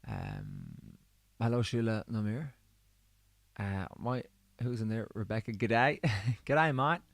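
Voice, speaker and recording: A man with a slightly low voice chats easily with livestream viewers between songs. His voice is a little worn from singing. The sound is dry and close. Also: very animated, takes it slowly, creaky, no echo. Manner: chatty and easygoing, reading out viewer comments. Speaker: musician hosting a livestream.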